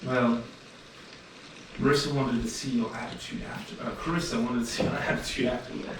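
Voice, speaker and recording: A man doing a tough-loving guild captain who teases and coaxes her recruits in a tabletop game. She sounds far from the mic in a very echoey room, with clear noise behind. Her pitch sits in a middle range. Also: fairly even intonation, fairly quick, natural voice. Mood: encouraging. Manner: gently teasing, coaxing. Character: tough-loving female guild captain, teasing older sister.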